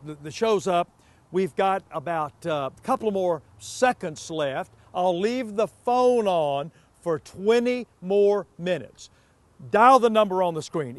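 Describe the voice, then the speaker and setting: A man hosts a television car sales show outdoors on a car lot. He speaks in a high voice and pushes every price hard, repeating the numbers and urging viewers to call. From Pacific Northwest US. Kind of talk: live TV car sales pitch.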